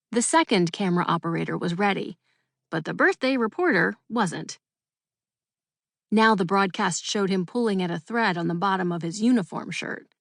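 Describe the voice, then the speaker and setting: A woman narrates a children's audiobook with lively, expressive reading. Her voice sits at a middle pitch. The recording is dry and close. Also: vocal fry, dry recording. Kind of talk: scripted storybook narration.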